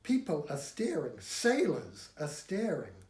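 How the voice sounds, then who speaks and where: A man's voice: a little high, big pitch swings, slow pace, darkish tone. A man voicing an eager, slightly odd English astronomer who talks in an earnest, insistent way. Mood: hushed. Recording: echoey room.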